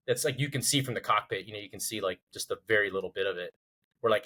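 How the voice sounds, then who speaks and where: A man's voice: mid-range voice, fast talker, low-quality recording. A man telling a funny military story in casual chat, acting out the others' lines in a raised voice. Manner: animated, acts out quotes with rising voice. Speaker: podcast host.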